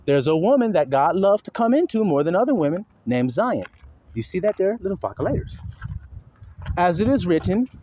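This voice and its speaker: A man's voice: fairly high pitch, a little mellow, a little hiss or hum. A man preaching an informal sermon in a slangy, fervent and profane manner.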